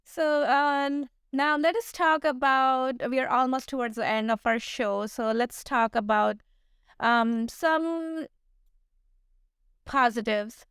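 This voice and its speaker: A woman hosting an interview podcast, asking questions hesitantly with many pauses and ums. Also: high-pitched, a bit bright, smooth, no echo, clean studio sound. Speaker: podcast host. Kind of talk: casual interview chat.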